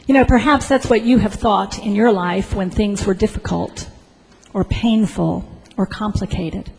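Slow, breathy woman preaching. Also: mid-range voice, darkish tone. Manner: storytelling, slow and deliberate with pauses. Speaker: pastor. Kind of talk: sermon. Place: church sanctuary. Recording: long church reverb.

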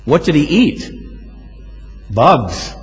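A male pastor preaching a sermon, telling stories with lively swings and sudden loud exclamations. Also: on the high side, a little slow. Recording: hall reverb.

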